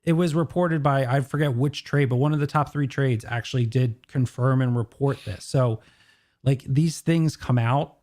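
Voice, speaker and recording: A man on a streamed podcast giving his opinions in an even middle voice. He talks loosely, with many "like"s and restarts. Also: medium pitch, moderate pace. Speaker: co-host. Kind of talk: casual podcast chat.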